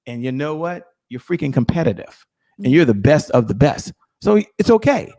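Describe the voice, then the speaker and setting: A middle-aged man giving an energetic, emphatic motivational talk on sales as a guest speaker, repeating his key phrases. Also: a little high, moderate pace, dry recording, studio quality.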